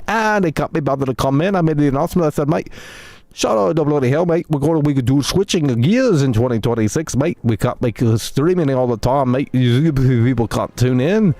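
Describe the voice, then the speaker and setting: A man's voice: mid-range voice, a little mellow, no room sound, natural voice. A man doing an exaggerated put-on British accent as a grumbling, chummy bloke who ends every line with "mate" on a live stream. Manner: exaggerated, repeats "mate" and "bloody hell".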